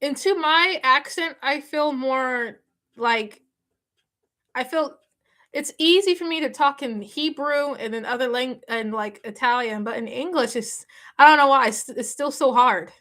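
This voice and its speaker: A woman talks casually on her live stream, answering comments. Her voice sits a little high and sounds bright and forward. She keeps restarting sentences and filling gaps with fillers. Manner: halting, many restarts and fillers; chatty, answering viewer comments.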